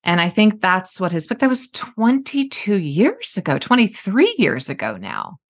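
A woman hosting a casual conversational interview, talking in an animated, emphatic way with quick asides. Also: medium pitch. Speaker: podcast host.

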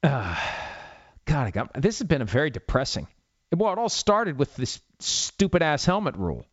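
Man, 50s, solo sports talk host, lively swings in pitch, dry dull studio sound. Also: moderate pace, no echo. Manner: rambling, self-mocking, opinionated. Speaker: sports radio podcast host. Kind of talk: solo talk show monologue.

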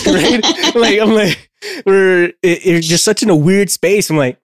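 A man's voice: sits high, measured pace, dry recording, clean studio sound. A man hosting a podcast in casual chat, joking and loose, with some swearing. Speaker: podcast host.

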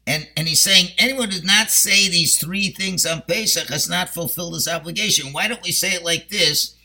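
Yeshivish-accented man teaching, bright voice. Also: sits high, moderate pace. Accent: Yeshivish English with Ashkenazi Hebrew. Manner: explanatory, asks and answers his own questions. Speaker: Torah teacher. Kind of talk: Haggadah class lecture.

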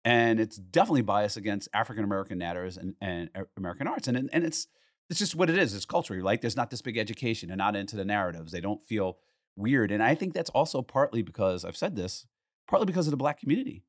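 A man's voice: fairly low pitch, fast, no echo, studio quality. A man telling a story in casual conversation, swearing freely and acting out what people said. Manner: animated, swears freely, acts out quotes. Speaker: art collector telling a story.

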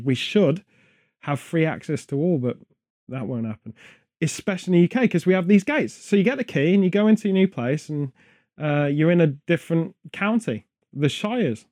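A man's voice: fairly high pitch, dark tone, no echo, clean studio sound. A British man hosting a podcast, rambling through casual chat full of wry, absurd jokes. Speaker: podcast host.

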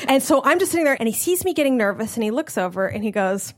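High-voiced, animated woman storyteller. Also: fast, hardly any pauses. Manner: animated, acts out quoted voices. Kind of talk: comedic personal storytelling.

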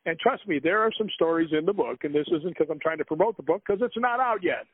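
A man with a fairly high voice spins a rambling story as an interview guest and laughs between the lines. The sound is thin and phone-like, with a dry, close feel. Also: lively intonation, fast talker, slightly rough, no room sound. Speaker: guest author.

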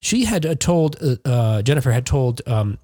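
A man's voice: mid-range voice, husky, no room sound, clean studio sound. A man co-hosting a chatty podcast, reading celebrity news with lots of fillers and restarts. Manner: animated, halting with many fillers and restarts. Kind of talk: casual chat.

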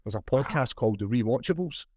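A man's voice: medium pitch, animated, fast, warm tone. A man with a Scottish accent co-hosting a podcast, chatting casually and swearing freely. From Scotland. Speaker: podcast co-host. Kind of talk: casual chat.

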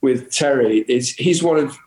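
A man's voice: medium pitch, measured pace, darkish tone, reverberant, poor audio. A man in his fifties from England, a former footballer chatting casually and telling anecdotes. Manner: anecdotal, laughing storyteller. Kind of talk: casual chat.

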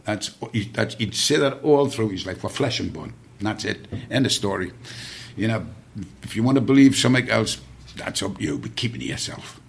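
A man's voice: lowish voice, animated, brisk, vocal fry. An older man telling long, rambling family stories as a podcast guest, full of fillers and restarts. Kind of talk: anecdotal storytelling.

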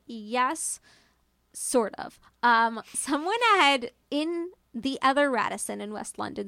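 Young woman telling a spooky story, kinda high voice, lots of fry, super chatty, swears a bunch. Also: a bit bright, no echo, clean studio sound. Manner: chatty, filler-heavy, swears freely, acts out her own quotes. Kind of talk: casual storytelling.

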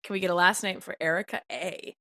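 A woman co-hosting a comedy podcast, animated and joking, laughing often through casual chat. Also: on the low side, quick pace. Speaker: podcast co-host.

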